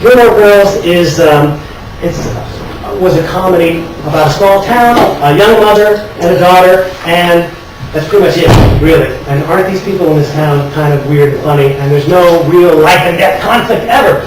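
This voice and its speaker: A man's voice: sits high, normal speed, music in the background. Chatty male speaker in echoey hall. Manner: chatty, joking with the audience. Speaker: conference speaker. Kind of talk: casual workshop talk. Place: conference room. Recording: echoey hall, distant mic, noisy.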